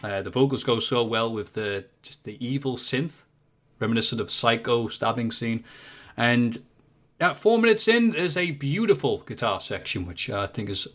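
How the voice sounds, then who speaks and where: A man with a British accent, a podcast guest talking music in casual chat, jokey and animated as he tells his take. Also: mid-range voice, normal speed.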